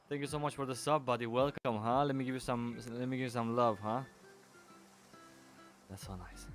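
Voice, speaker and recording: A man's voice: medium pitch, steady tone, normal speed, pauses often, soft background music. A man streaming live, chatting casually and greeting and thanking his viewers by name. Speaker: livestreamer. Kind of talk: casual livestream chat.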